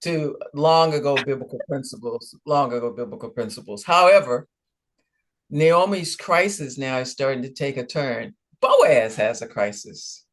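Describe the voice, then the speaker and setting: A man's voice: medium pitch, animated, moderate pace. A man co-hosting a ministry podcast, retelling a Bible story in conversational teaching style and acting out the dialogue.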